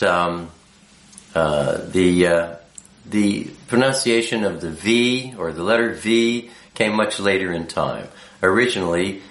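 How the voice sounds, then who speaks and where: A man with a deep voice explains things at a slow, patient pace. His delivery halts often and is full of fillers. The sound is roomy and echoey. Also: fairly bright tone. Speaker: teacher of Hebrew letters. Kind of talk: unscripted teaching talk.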